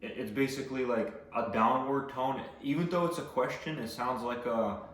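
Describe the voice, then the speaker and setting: A man's voice: mid-range voice, normal speed, a bit bright, slight background noise. A man giving casual sales training, rambling with many fillers and restarts. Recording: echoey room, voice from a distance.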